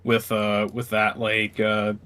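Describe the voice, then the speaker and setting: A man with a low voice chats casually as a player in a tabletop game. He stammers and repeats his words as he talks. His laughter comes easily. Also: monotone, slow, sharp tone, clean tone.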